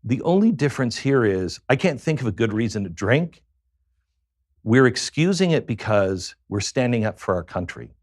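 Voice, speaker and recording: A man's voice: mid-range voice, darkish tone, dry recording, studio quality. A man, a guest on a talk show, tells a personal story in a reflective way that halts on many fillers.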